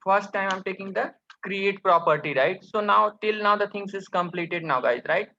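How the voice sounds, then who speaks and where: A man teaches programming over a screen recording, asking "what?" again and again. His voice sits high and sounds bright and sharp. The recording is dull and lo-fi. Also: normal speed. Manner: keeps asking rhetorical questions, addresses viewers as guys. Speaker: programming instructor. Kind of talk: screen-recorded coding tutorial.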